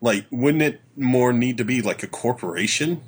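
A man's voice: medium pitch, normal speed. A man playing a tabletop game, chatting casually and joking with the others. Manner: joking, animated. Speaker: player.

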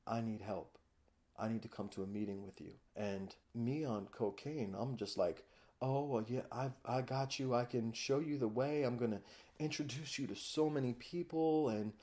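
A man with a low-pitched voice tells a painful personal story as a podcast guest. He speaks candidly and emotionally, leaning on casual fillers as he goes. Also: warm tone. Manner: raw, emotional, frequent fillers like "you know" and "like".

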